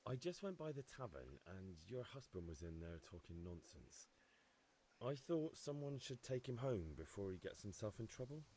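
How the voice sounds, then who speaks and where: An actor voicing an earnest young villager in a video game. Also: male voice, fairly low pitch, very animated, moderate pace, mellow. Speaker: game character.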